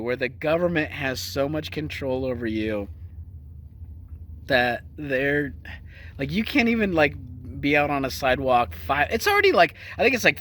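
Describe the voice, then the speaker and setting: A man's voice: mid-range voice, fairly bright tone. A male host doing casual, profane, sarcastic commentary on news clips.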